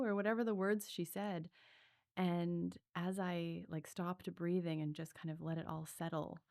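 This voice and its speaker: A woman's voice: fairly low pitch, level tone, a little slow, gravelly, darkish tone, no room sound, clean studio sound. A woman breathwork coach telling her story in a podcast interview, earnest and reflective, with many fillers.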